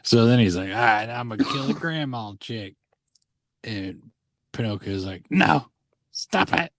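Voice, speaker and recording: Low-voiced man recapping a story casually. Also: normal speed, dry recording, clean studio sound. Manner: laughs often, acts out characters' lines. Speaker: podcast co-host. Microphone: phone.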